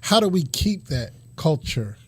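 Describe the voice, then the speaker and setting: A man co-hosting, posing a drawn-out, thoughtful question in casual talk. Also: fairly high pitch, big pitch swings, breathy edge, dry recording. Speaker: co-host.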